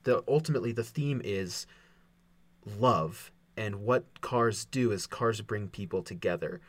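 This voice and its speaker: A man's voice: on the low side, unhurried, no echo. Man, podcast co-host, casual chat, rambling, repeats himself, playful.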